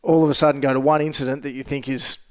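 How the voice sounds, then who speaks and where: Relaxed man, casual podcast talk, fillers, mid pitch. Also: fast, clear, resonant tone. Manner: relaxed, filler-heavy, laughs easily. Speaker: guest, fitness coach.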